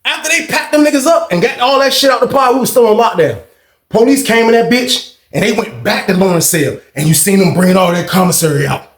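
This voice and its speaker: A man hosting a storytime channel, telling a prison story in a profane, excitable way and acting out the fights with sound effects. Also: high voice, fairly quick. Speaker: storytime host. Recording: roomy echo.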